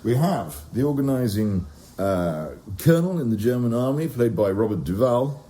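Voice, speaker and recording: A man co-hosting a podcast in casual chat, with a dry, deadpan delivery. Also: mid-range voice, normal speed. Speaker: podcast co-host.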